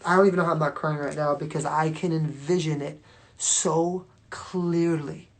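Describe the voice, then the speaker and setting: A woman's voice: deep voice, fairly even intonation, normal speed. A woman talking casually to viewers on a phone livestream, rambling and swearing freely with constant fillers. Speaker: livestream host.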